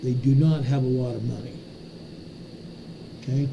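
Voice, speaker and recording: A man's voice: medium pitch, steady tone, moderate pace, vocal fry, lo-fi sound, noisy background. A man hosting a live earthquake update, walking viewers through a map in an emphatic, repetitive way and often checking in with "okay?". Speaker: host of an earthquake update livestream. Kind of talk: live map walkthrough talking to chat.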